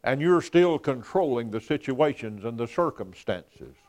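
A man playing an earnest, measured old pastor. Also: mid-range voice, animated, a little mellow, close to an everyday voice. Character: earnest older male pastor, persecuted.

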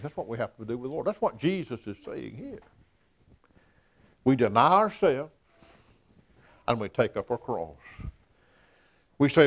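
A man preaching a sermon, telling stories in a folksy, emphatic way that rises to loud peaks. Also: medium pitch, sing-song, moderate pace, pauses often.

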